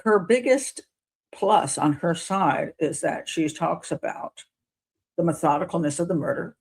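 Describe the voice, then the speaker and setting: A woman hosting a casual talk show, commenting on a trial in an animated way and acting out courtroom quotes. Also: lowish voice, a little slow, slightly rough. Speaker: host.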